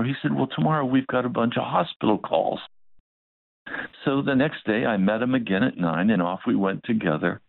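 A man's voice: medium pitch, dry recording. A male pastor preaching a sermon, telling a story and acting out both sides of the dialogue. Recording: dry, phone-like narrow sound.

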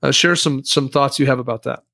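A man's voice: mid-range voice, fairly even intonation, a little fast, creaky, sharp tone, dry recording, clean studio sound. A man hosting a podcast who addresses listeners directly and prompts his co-host with questions.

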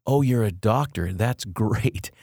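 A man's voice: lowish voice, animated, takes it slowly, a little mellow, slightly rough, no echo, clean studio sound, voice pushed up, heavily acted. A man retelling the words of a chatty woman clerk at a rental car counter in a slightly raised, breezy voice.

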